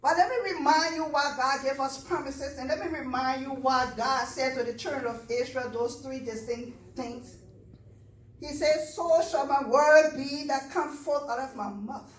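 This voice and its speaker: High-voiced woman preaching a fervent sermon. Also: normal speed, reverberant, recorded from a distance, rough recording. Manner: rising to fervent preaching, repeats "church" and "he said".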